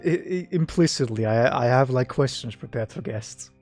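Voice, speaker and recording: A man's voice: medium pitch, expressive, moderate pace, darkish tone, faint music behind. A man hosting a casual live stream chat with a guest, rambling and teasing with lots of filler words.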